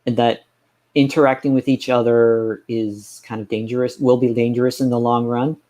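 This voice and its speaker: A man's voice: mid-range voice, flat delivery, normal speed, mellow. A man chatting casually on a live stream, ranting sarcastically and rambling with frequent restarts. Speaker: game streamer.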